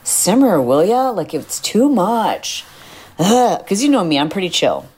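A woman's voice: mid-range voice, very animated, a little slow, darkish tone, slightly rough. A middle-aged woman hosting a podcast, chatting casually and animatedly, now and then acting out quoted voices. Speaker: podcast host. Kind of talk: casual solo podcast chat.

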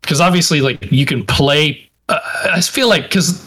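A man's voice: on the high side, moderate pace, bright, forceful tone, slightly rough. A man co-hosting a podcast, chatting casually and hesitantly, with a lot of fillers. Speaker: podcast co-host. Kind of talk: casual chat.

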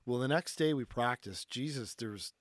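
Animated casual male storyteller. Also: mid-range voice, normal speed, no room sound, studio quality. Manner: animated storyteller, heavy filler "like", swears freely. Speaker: podcast guest.

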